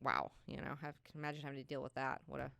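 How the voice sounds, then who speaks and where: A woman hosting a book club in casual chat, animated and swearing freely. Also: extremely low pitch, fast, creaky, no room sound.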